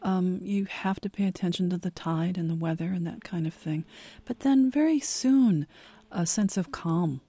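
Female interviewer, husky low voice, calm and measured, dry close sound. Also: dry recording. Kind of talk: interview conversation.

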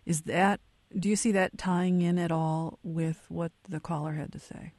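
A woman hosting a radio call-in show, her voice on the low side and recorded dry and close. She asks measured, probing questions. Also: steady tone, a little mellow, no room sound. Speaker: radio host.

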